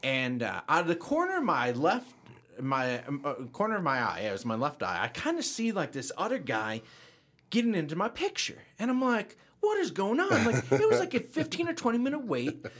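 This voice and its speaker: A middle-aged man on a podcast telling a funny story in casual chat, his voice jumping high when he quotes himself. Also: a little fast. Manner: animated, voice jumps high when quoting himself. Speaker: podcast co-host.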